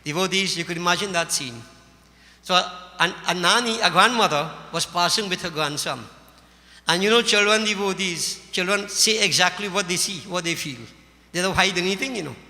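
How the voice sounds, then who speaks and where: High bright-voiced male preacher, hall echo. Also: moderate pace. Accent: Caribbean English. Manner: folksy, emphatic, addresses listeners as devotees. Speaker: Hindu religious teacher. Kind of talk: sermon with storytelling. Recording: long hall reverb.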